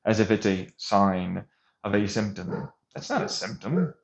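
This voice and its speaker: A man's voice: fairly low pitch, animated, unhurried, vocal fry. A man vlogging an intense monologue, agitated and sarcastic as he rants. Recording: dull lo-fi recording.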